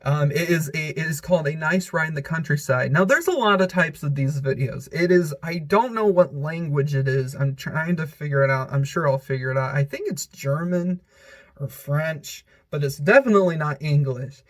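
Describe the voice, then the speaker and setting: A man's voice: fairly high pitch, moderate pace. A man giving a giggly, rambling casual commentary countdown as a vlogger, full of filler words.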